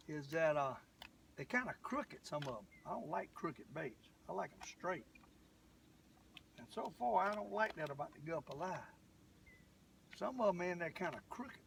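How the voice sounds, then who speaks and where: A man's voice: high voice, vocal fry, far from the mic, noisy background. An older man, hosting a live fishing vlog from a boat on a lake, rambling and folksy as he talks straight to his viewers. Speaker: fishing show host.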